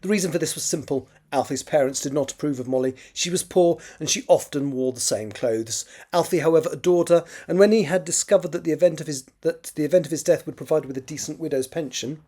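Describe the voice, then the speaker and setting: A man's voice: a little high, fast, few pauses, mellow. A man reading aloud from his own novel draft. He often corrects himself and adds wry muttered asides. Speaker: writer.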